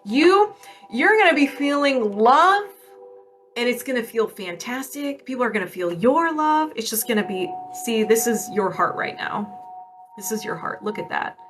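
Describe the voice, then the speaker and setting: A woman's voice: a little high, animated, normal speed, a bit bright, soft background music. A woman energy healer on a casual livestream, chatty and upbeat, asking and answering her own yes-no questions. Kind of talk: casual livestream healing session.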